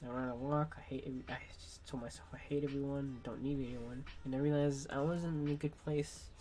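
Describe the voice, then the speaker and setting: A young man, sick at the moment, talking frankly and haltingly in a personal vlog monologue as a streamer. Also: medium pitch, steady tone, dark tone.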